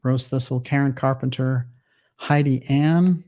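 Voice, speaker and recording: A man's voice: mid-range voice, steady tone, a little slow, a little mellow. A man hosting a livestream, upbeat as he reads out viewer names and comments and answers questions in casual chat. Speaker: livestream host.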